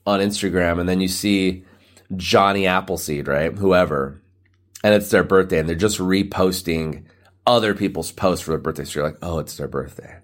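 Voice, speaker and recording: Rambling deep-voiced guy podcasting solo. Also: fairly even intonation, normal speed. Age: 30s. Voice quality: morning-rough voice. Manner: loose, rambling, lots of likes and dudes. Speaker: podcast host. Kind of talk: casual solo podcast rant.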